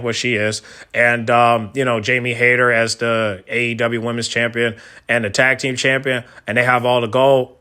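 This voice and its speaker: Bright-voiced slangy man vlogging. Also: medium pitch. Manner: slangy, chatty, restarts and corrects himself. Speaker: wrestling commentary vlogger. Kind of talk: casual opinion vlog.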